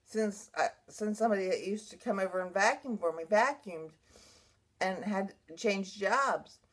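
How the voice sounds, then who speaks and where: A woman's voice: medium pitch, a little slow. A woman who survived a brain injury, telling her own story in an emotional, rambling way, with many restarts. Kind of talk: personal vlog monologue.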